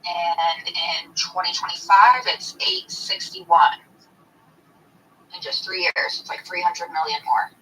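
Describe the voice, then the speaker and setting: Bright voice reading figures from notes. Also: mid-range voice, steady tone, slow, far from the mic, slight background noise, rough recording. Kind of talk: casual discussion. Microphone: headphones.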